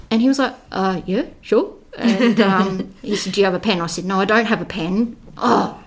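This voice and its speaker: Chatty woman telling a story. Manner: chatty, acts out voices in her story with quick pitch jumps. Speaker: guest. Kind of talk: casual storytelling.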